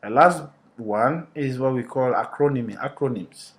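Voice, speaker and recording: Man teaching a class. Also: medium pitch. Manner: asks the class rhetorical questions and answers them himself; deliberate, explanatory teacher's delivery. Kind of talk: recorded lecture to students.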